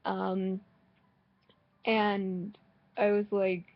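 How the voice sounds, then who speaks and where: Sarcastic slow-talking woman gamer. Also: medium pitch, flat delivery, highs cut off. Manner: sarcastic, swearing, rambling with restarts. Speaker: gaming vlogger. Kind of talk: casual gameplay commentary.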